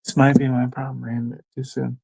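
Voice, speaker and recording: A man with a mid-range, gravelly, dark-toned voice speaks at normal speed with a flat delivery, and there's no room sound. Hosting a casual livestream, he rambles, thinks out loud, and addresses his dog in between thoughts.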